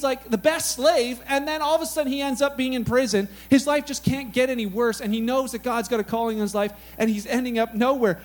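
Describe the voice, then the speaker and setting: High-voiced man preaching casually. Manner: animated, conversational, frequent "like" and "you know". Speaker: pastor. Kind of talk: casual storytelling sermon.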